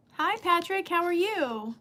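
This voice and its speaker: A woman's voice: very high voice, pushed and bright. A woman hosting a casual livestream, chatting bluntly and greeting viewers by name. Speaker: livestream host. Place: indoor room under a bright light.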